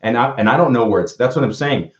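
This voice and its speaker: A man's voice: medium pitch, animated, fast talker. A man who speaks at schools, telling stories in a casual conversation, earnest and often restarting his sentences as he acts out what people said. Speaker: motivational speaker. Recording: dull lo-fi sound.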